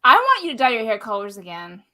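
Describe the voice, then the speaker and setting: Bright-voiced woman host, crude jokes. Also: on the high side, huge pitch swings, fast, rough recording. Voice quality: crude joking banter. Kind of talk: casual live-stream chat.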